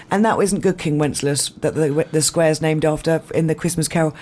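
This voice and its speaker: A woman's voice: sits low, steady tone, quick pace, hardly any pauses, darkish tone. A woman comedian, a guest on a radio show, chatting casually and telling anecdotes while laughing easily.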